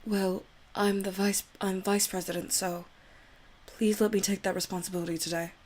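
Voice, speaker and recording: A woman voicing a timid teenage girl from a visual novel, speaking softly and hesitantly with stammers. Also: medium pitch, flat delivery, normal speed, a little hiss or hum, lightly acted. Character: shy, timid teenage girl club member. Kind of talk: reading visual novel dialogue aloud.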